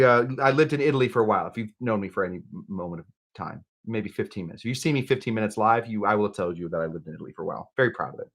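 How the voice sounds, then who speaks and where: A man hosting a livestream chats loosely as he mixes cocktails. He wanders off on tangents, pokes fun at himself and fills the gaps with casual fillers. His voice sits at an everyday middle pitch. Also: a bit bright. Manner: rambling, chatty, self-deprecating, with many fillers. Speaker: host of a live cocktail-making show. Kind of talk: casual livestream chat while mixing drinks.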